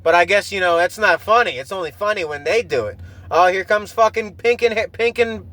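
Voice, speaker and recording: A man's voice: sits high, a little fast, sharp tone. A man hosting his own podcast, talking in a casual, rambling, profane monologue full of restarts. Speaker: podcast host.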